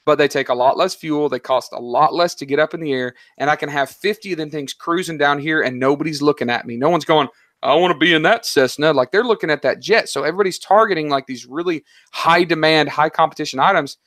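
Animated, slangy man telling stories. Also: a little high, fast talker, few pauses, no echo, studio quality. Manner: animated, story-driven, slangy. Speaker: guest, online seller. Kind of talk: casual interview talk.

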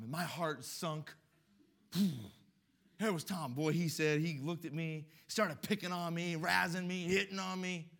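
Animated high-voiced male preacher. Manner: animated storytelling preaching, emphatic swells. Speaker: pastor. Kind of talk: sermon.

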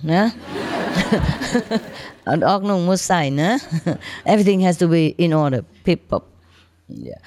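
Low, chatty woman teacher, storytelling to disciples, dry close sound. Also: a little mellow, no room sound. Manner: chatty, laughs often, shows things with her hands. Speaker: spiritual teacher. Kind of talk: casual storytelling talk to disciples.

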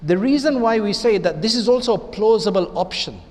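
A man's voice: high-pitched, animated, fairly quick, a little mellow. Man giving an Islamic lecture in a reverberant hall. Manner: conversational, asks the audience rhetorical questions. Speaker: imam.

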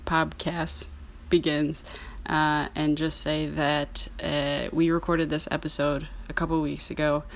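A woman's voice: sits low, flat delivery, unhurried, creaky, a little hiss or hum. A woman hosting a film podcast, chatting casually and laughing often. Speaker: podcast host. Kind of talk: casual chat.

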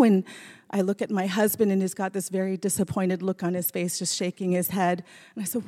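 A woman in her thirties from rural Alaska tells a personal story to a crowd, conversational and unhurried, often restarting her phrases. Her mid-pitched voice rings with a long hall reverb. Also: fairly even intonation. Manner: warm, conversational, with small restarts.

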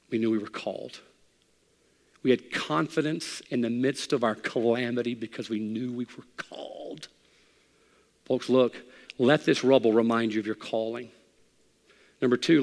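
A male pastor preaching a sermon. He moves from quiet, intimate talk to loud, impassioned preaching, telling stories in his own voice. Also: mid-range voice, long reverb tail.

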